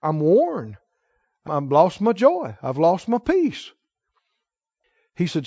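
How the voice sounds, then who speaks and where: A male preacher with a high voice tells folksy stories from the pulpit and drives his points home with emphasis. He drops into a lower, sterner tone when quoting the Lord. The sound is dry and a bit dull. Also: huge pitch swings, slow, long pauses, dark tone, dry recording. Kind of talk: sermon with storytelling.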